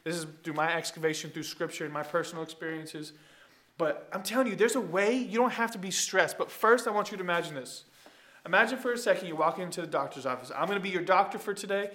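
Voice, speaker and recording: Man preaching with a bright, forceful voice. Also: sits high. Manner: emphatic preaching, swings from soft asides to loud calls; talks straight to the congregation. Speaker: pastor. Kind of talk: sermon.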